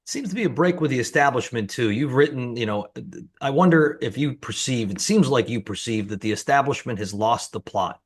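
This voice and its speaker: A man's voice: mid-range voice, expressive, a little fast. A man hosting an interview, asking long, thoughtful questions in a conversational way. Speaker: host.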